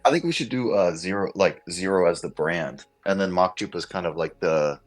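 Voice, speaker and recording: A man with a very low voice chats easily in an online call, agreeable and relaxed. Soft music sits faintly behind him. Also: moderate pace. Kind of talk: casual voice-chat discussion.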